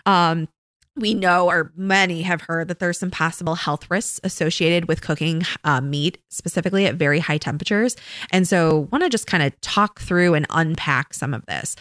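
A woman in her thirties co-hosting a podcast, chatting casually and telling animated stories about her kids. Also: normal speed, no echo, studio quality. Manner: animated storytelling, imitates her kids in high voices. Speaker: podcast co-host. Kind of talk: casual chat.

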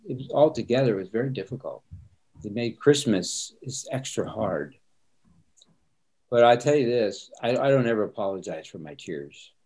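Earnest low-voiced older pastor. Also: male voice, warm tone, slightly rough. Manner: earnest, openly emotional, laughs easily. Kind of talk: candid interview talk.

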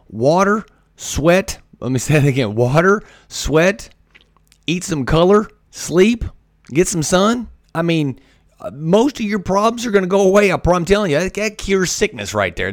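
A man's voice: on the high side, no room sound, clean studio sound. A man hosting a podcast, talking energetically about discipline and repeating his key points for emphasis. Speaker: podcast host. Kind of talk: motivational podcast monologue.

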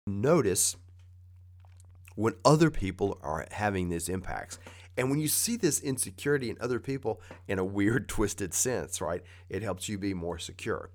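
A man's voice: lowish voice, animated, normal speed. A man giving a conversational motivational talk, coaching with plain repeated advice.

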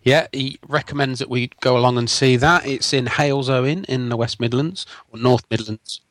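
A man co-hosting a podcast, chatting in a relaxed way and often murmuring agreement. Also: medium pitch, moderate pace, no room sound. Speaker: podcast co-host. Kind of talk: casual chat.

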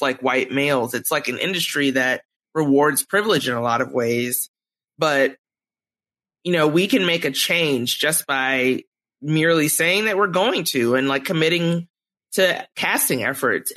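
Bright-voiced lady cohost, animated and emphatic, laughs a lot. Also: extremely low pitch. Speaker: podcast co-host. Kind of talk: casual podcast chat.

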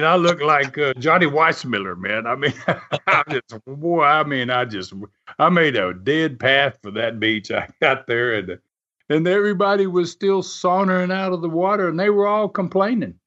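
Man, casual storyteller, chuckles a lot, slightly high voice, dull lo-fi sound. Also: normal speed. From United States. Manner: animated, rambling, chuckles often, many fillers. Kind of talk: casual spoken anecdote. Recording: muffled lo-fi recording.

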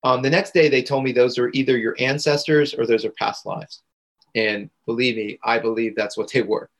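A man with a mid-range voice and level tone speaks at a moderate pace. He's an integration coach appearing as a podcast guest, earnestly relating a personal story and using repetition for emphasis.

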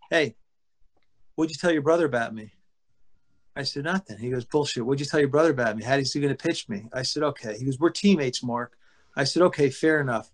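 Guy with a high voice telling baseball stories, animated, acts out what teammates said, swears a bit. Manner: swears casually. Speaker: former baseball pitcher as guest. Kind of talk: casual anecdotal storytelling.

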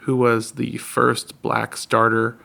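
A man with a deeply gravelly, fry-laden voice chats casually about his documentary work. He tells stories with animated energy, laughing often and slipping into quick impressions of other people. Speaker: documentary filmmaker. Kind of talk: casual conversation.

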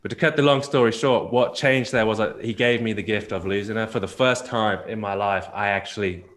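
A man's voice: on the low side, brisk, a bit bright. A man, a podcast guest and marriage coach, telling a candid personal story in a frank way, often repeating and restarting words.

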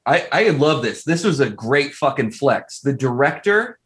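A man co-hosting a podcast, talking in an eager, chatty way. His voice sits at a middling pitch for a man. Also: very animated, unhurried, a bit bright. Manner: eager, chatty, pleading jokingly. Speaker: podcast co-host. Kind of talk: casual chat.

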